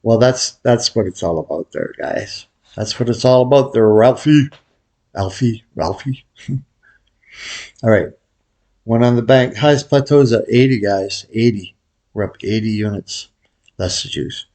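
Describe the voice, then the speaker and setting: A man hosting a gambling video, calling out his bets in a relaxed, muttered running commentary to viewers. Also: lowish voice, unhurried, long pauses. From Vegas pro. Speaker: baccarat video host. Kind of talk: casual play-by-play of bets.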